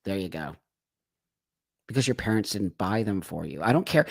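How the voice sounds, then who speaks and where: Host, male, lively pitch swings, dry close sound, indignant. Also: vocal fry, slightly rough, dry recording. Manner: emphatic, indignant, quick to agree. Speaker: live stream host. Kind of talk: casual live stream chat.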